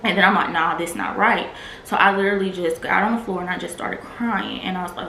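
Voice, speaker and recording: A woman's voice: lowish voice, fairly quick, bright, forceful tone. A woman vlogger candidly telling a personal testimony in a casual, filler-heavy way. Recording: echoey room with faint noise.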